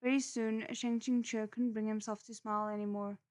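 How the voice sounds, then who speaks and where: A woman reading a novel aloud live, breaking off for chatty, expressive asides. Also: fairly high pitch, fairly quick. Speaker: novel reader.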